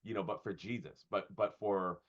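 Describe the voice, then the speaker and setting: Low-voiced man, thoughtful and halting. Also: fairly even intonation. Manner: thoughtful, halting with fillers and restarts. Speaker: pastor and comedian. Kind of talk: conversational interview. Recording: dull lo-fi sound.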